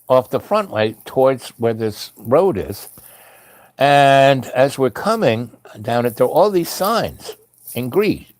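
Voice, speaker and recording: A man's voice: mid-range voice, a little mellow, no echo. A man telling a rambling personal anecdote in a chatty way, full of asides. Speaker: storyteller. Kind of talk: casual spoken anecdote.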